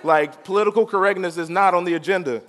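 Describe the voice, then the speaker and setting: A male pastor preaching a sermon, drawing out the crowd with call-and-response and swinging from quiet to loud. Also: high-pitched, fast.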